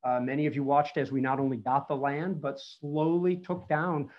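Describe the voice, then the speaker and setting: Man, 50s, somewhat high voice, rambling storyteller style over a dull video call line. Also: level tone, normal speed. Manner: chatty storytelling with frequent fillers. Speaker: battlefield preservation speaker. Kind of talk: conversational online history talk. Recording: muffled lo-fi audio.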